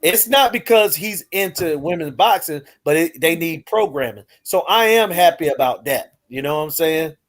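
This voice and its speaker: Male co-host with a somewhat raised pitch; rambles, leans on filler phrases. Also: lively intonation, normal speed, few pauses. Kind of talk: casual chat.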